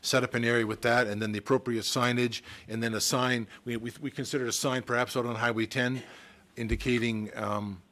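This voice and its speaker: A man's voice: mid-range voice, little pitch movement, fairly quick, few pauses, a bit bright. A man, a town staff member presenting at a council meeting, hesitant, with many restarts and fillers. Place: council chamber.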